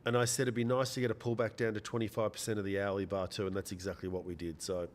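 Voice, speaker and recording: A man's voice: lowish voice, little pitch movement, quick pace. A man hosting a live trading stream, chatting casually, repeating phrases and answering viewers by name. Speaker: day trading livestream host.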